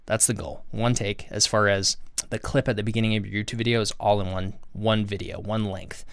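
A man's voice: on the low side, flat delivery, a little fast, creaky, a bit bright, clean tone, no room sound. A man hosting his own channel, giving earnest, conversational advice to the camera and often restarting his sentences. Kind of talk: casual talk-to-camera advice.

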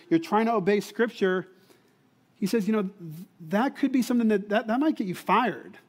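A man's voice: high-pitched, darkish tone. A man and Bible teacher giving a sermon to college students in a conversational way, often repeating words and asking the listeners whether they see it.

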